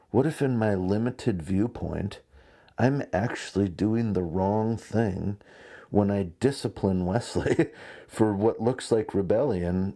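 Mellow low-voiced man preaching. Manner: conversational, animated storytelling with asides. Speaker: pastor. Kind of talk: sermon.

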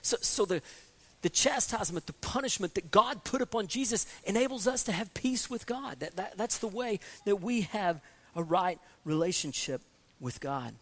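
A man's voice: sits high, expressive, normal speed. A man preaching an expository sermon, earnest, often repeating words as he restarts and rising to emphatic peaks. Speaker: pastor.

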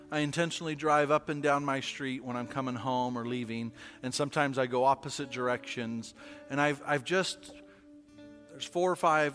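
A man preaching a sermon as pastor, conversational and asking the congregation questions, swinging from quiet to loud. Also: medium pitch, long reverb tail.

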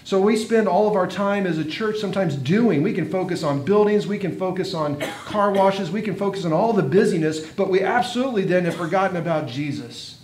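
A man preaching a sermon, earnest, with dramatic pauses and swelling emphasis. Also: expressive, a little mellow. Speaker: pastor. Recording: echoey room with faint noise and rumble.

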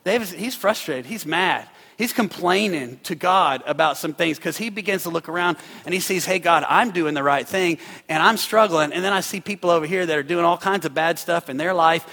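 A male pastor preaching a sermon, swinging from quiet, hushed passages up to fervent shouting. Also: fairly high pitch, a little fast, creaky, hardly any pauses, slightly rough, long reverb tail. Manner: preaching with big swells to shouting and drops to hushed tones. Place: church hall.

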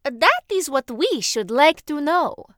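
A woman's voice: high voice, sing-song, slow, a bit bright, no room sound, studio quality, voice pushed up, heavily acted. A woman voicing a cheerful, eager male bandit who talks in a grand, formal way in a storybook reading.

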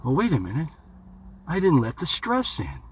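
A man's voice: a little high, wildly swooping pitch, moderate pace, husky. A man hosting his own podcast, giving a rambling, folksy motivational talk and chatting to himself playfully. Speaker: podcast host. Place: home studio.

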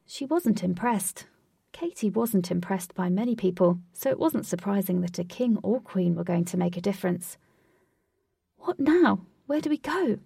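A woman reading a fantasy story aloud at a calm, steady pace. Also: fairly low pitch, moderate pace, creaky, breathy edge, dry recording, studio quality, recorded from a distance. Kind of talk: storybook narration.

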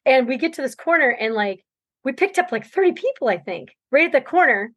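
Brief: woman podcast guest, rambling storyteller, laughs a lot, fairly high voice, dry close sound. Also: lively intonation, fairly quick, fairly bright tone, no echo. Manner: rambling storytelling, laughs often, many fillers. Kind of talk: casual interview chat.

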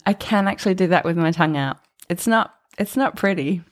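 A woman's voice: on the low side, a little fast. A woman teaching singing on a podcast, playful and encouraging, dropping into sung demonstrations. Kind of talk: podcast vocal lesson.

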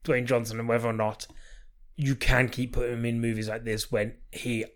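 Male podcast co-host, mid-range voice, relaxed, laughs a lot, loose filler-heavy chat. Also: medium pitch. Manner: easygoing and quick to laugh, many "um"s. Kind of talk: casual film-review chat.

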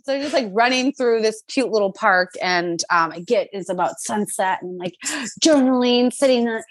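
A woman in her twenties telling a personal story in a casual, animated, chatty way, full of fillers. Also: fairly high pitch, normal speed, no echo.

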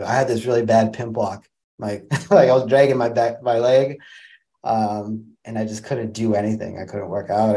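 Podcast guest, young adult male, slightly low pitch, loose conversational storytelling with many restarts. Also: warm tone. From Wisconsin, USA. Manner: casual, rambling, many likes and restarts. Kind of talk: personal storytelling in an interview.

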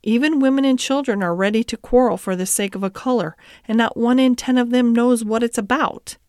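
A woman's voice: fairly high pitch, darkish tone, no echo, studio quality, voice pushed up, lightly acted. A woman reading an earnest, principled cabman. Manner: earnest and measured. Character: steady, principled middle-aged cab driver and father.

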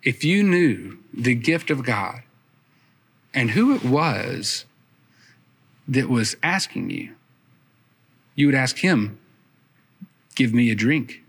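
A man voicing a calm, knowing male teacher who speaks in a slow, hushed, measured way, in a sermon retelling. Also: mid-range voice, breathy edge, exaggerated voice. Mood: solemn.

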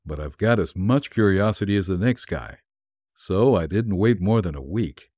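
Low, husky wry male storyteller. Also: animated, normal speed, a little mellow, dry recording, clean studio sound. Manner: wry, hard-boiled first-person storytelling. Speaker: narrator. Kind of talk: reading a vintage pulp story aloud.

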